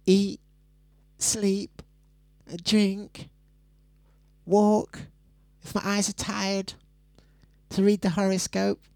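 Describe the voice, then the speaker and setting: A male radio presenter putting on a high, breathy falsetto to mimic a prim woman colleague who insists she rarely wears glasses. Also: monotone, very slow, pauses often, darkish tone, no echo, clean studio sound, full character voice. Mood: mocking.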